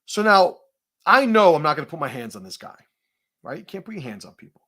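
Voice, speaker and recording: A man host telling a profane confrontation story in a casual, animated way, laughing at his own punchlines. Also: fairly high pitch, a little fast.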